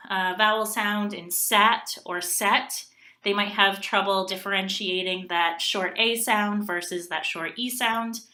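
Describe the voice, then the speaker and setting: A young woman giving a class presentation on language learning, pausing often with ums as she explains. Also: mid-range voice, pushed and bright. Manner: hesitant, many ums. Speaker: graduate student presenter.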